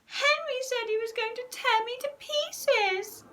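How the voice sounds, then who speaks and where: A woman's voice: very high voice, a little slow, pushed and bright, voice pushed up, exaggerated voice. A woman voicing a whining, pleading little goody-goody boy, reading a children's storybook aloud. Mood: whiny. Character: whiny little goody-goody younger brother.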